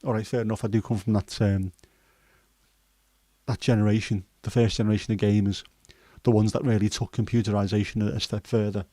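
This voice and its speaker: A man in his fifties with a Scouse accent and a hoarse throat, hosting a casual chat livestream in a rambling, jokey way with many fillers. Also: fairly low pitch, little pitch movement, fairly quick, dark tone, no echo. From Liverpool, England. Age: 50s. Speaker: livestream host.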